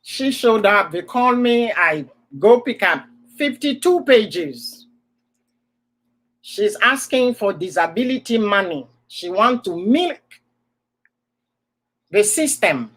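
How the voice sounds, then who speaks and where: A woman with an African accent tells a story from her work in an easy, unhurried way. Her pitch rises and falls a great deal, and she repeats words for emphasis. She sounds like a host chatting on a live stream. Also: very animated, a bit bright, rough recording. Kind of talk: storytelling chat.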